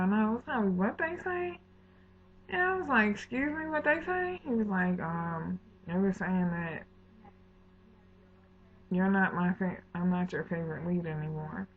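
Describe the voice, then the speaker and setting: A woman vlogger with a medium-pitched voice angrily retells a true story, packing it with slang, curses, and acted-out snippets of the conversation. The tinny, phone-like recording carries a slight hiss or hum.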